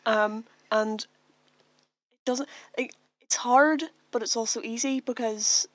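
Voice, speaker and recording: A Northern Irish woman co-hosting a casual podcast, her voice a little high and recorded close and dry. She rambles along easily, filling her talk with "like". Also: takes it slowly, dry recording. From Northern Ireland. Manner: relaxed, rambling, heavy use of "like". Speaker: podcast co-host. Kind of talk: casual chat.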